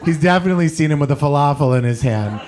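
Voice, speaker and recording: A man's voice: on the high side, lively intonation, fast talker. A man giving the opening announcements and introducing the host at a small comedy club, joking with the crowd and calling out at times. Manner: jokey, uses um often, calls out loudly at times.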